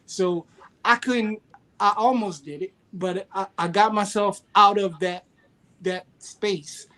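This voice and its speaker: A man's voice: sits high, sharp tone. Earnest man talking about motivation. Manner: earnest, motivational, halting with many fillers. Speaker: guest. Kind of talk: casual chat.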